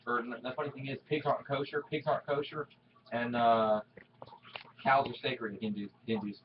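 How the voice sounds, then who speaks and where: A man tells a joke in a loose, rambling way, repeating himself and swearing. His voice sits at an ordinary pitch. The home recording sounds dull and lo-fi, with a faint hiss underneath. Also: fairly even intonation, a little fast, recorded from a distance. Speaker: brother telling a joke.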